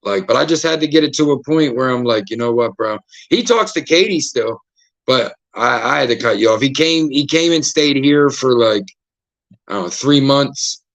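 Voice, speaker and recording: A man hosting a podcast, telling stories in a casual, profane, animated way and acting out the voices of the people in them. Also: mid-range voice, normal speed. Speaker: podcast host. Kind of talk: casual storytelling chat.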